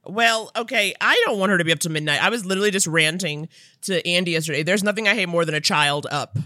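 A woman's voice: on the low side, fast talker, pushed and bright, no echo, studio quality. A woman from New York City co-hosting a comedy podcast, ranting and explaining things with conviction. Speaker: podcast co-host. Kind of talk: casual comedic chat.

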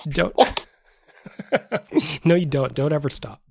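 A man's voice: fairly high pitch, slow, vocal fry, noisy background. A man hosting a casual podcast, reacting to listener voicemails with laughter, swearing, and effusive thanks. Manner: profane, laughing, effusively grateful. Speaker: podcast host.

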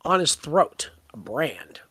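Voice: mid-range voice, sing-song, takes it slowly, pushed and bright, husky, no room sound. Chatty book podcast host, dry close mic. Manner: laughing, retells scenes with quoted lines. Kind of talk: casual book discussion.

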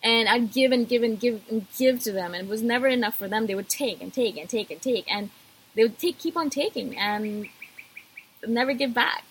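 A woman's voice: fairly high pitch, moderate pace, fairly bright tone, husky, poor audio. A woman vlogger talking casually to camera, emphatic and repetitive, addressing her viewers directly.

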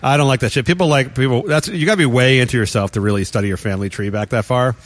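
Male podcast host, mid pitch, sardonic ranter who chuckles through it. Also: very fast, dry recording. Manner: wry, ranting, laughs often. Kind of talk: casual chat.

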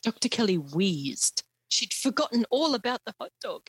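A woman's voice: fairly high pitch, big pitch swings, breathy edge, no room sound. A woman co-hosting a casual comedic book talk, giggly and often laughing. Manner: slow, giggly, prone to laughing. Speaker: podcast co-host.

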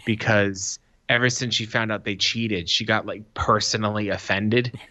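A man's voice: fairly low pitch, normal speed, dry recording. A man in his thirties co-hosting a podcast, chatting casually and telling profane stories, acting out what people said. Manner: profane, animated storytelling with acted-out quotes. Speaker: podcast co-host. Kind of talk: casual chat.

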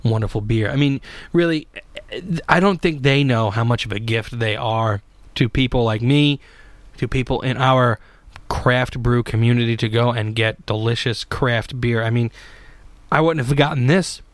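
A man's voice: medium pitch, moderate pace, dry recording. A man hosting a casual solo podcast, rambling and joking with lots of restarts. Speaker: podcast host.

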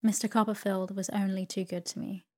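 A woman's voice: medium pitch, little pitch movement, brisk, darkish tone, lightly acted. A woman reading a storybook, voicing a timid young widowed mother who speaks meekly and falteringly. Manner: faltering, meek and helpless.

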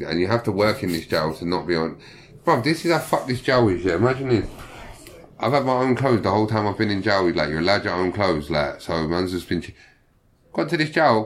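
A young man telling prison stories in casual slang, swearing and acting out the people he quotes. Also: deep voice. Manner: profane, animated, acts out quoted voices. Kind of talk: casual storytelling.

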